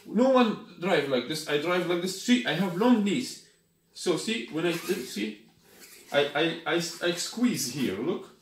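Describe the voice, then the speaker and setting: A man's voice: high voice, lively intonation, unhurried. A man whose first language is Arabic, casually demonstrating and reviewing a scooter in non-native English and often asking "you got me?". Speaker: product reviewer. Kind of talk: casual unboxing demo. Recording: echoey room, faint noise.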